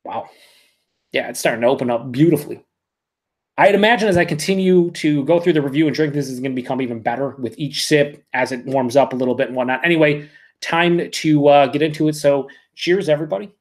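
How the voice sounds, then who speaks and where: A man doing a live beer review, talking excitably and swearing a lot as he reacts to each sip. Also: a little high, fairly quick. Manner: excitable, profane, emphatic.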